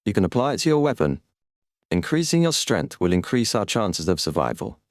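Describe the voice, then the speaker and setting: A man voicing a calm, calculating male fire wielder in an audiobook, composed and quietly confident. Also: lowish voice, fairly quick, no echo, studio quality, voice pushed up. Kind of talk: audiobook character reading.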